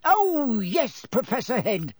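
A mischievous male poltergeist sneers and gloats in a high, oily, sing-song voice. His pitch leaps and dips as he taunts, with a close, dry sound. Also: sing-song, slow pace, breathy edge, no echo, full character voice. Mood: gleeful taunting.

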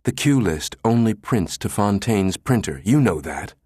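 A man voicing a pushy, fierce middle-aged woman analyst, talking in an insistent, sharp, clipped way. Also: fairly low pitch, animated, a little slow, slightly rough, dry recording, clean studio sound.

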